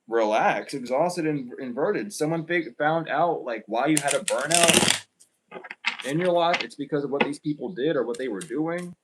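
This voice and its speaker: A man's voice: mid-range voice, background noise. A man giving a casual spiritual tarot reading, blunt and emphatic, swearing often and repeating himself. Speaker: tarot reader.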